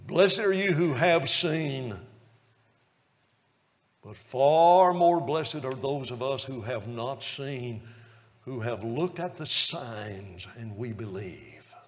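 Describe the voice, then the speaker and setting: A man preaching a sermon, telling a story in hushed tones that builds to loud, impassioned preaching. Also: mid-range voice, animated, slow pace, a little hiss or hum. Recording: long hall reverb.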